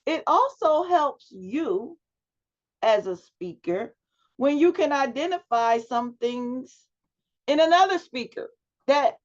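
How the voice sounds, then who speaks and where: A woman with a high, lively voice takes her time as she runs a public speaking class on a video call. The lo-fi audio sounds dull, and she questions students and offers feedback.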